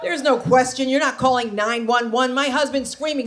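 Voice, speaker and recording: A woman's voice: high-pitched, normal speed, few pauses, background noise. A woman comedian performing a stand-up set on a comedy club stage, sassy and conversational with punchy delivery.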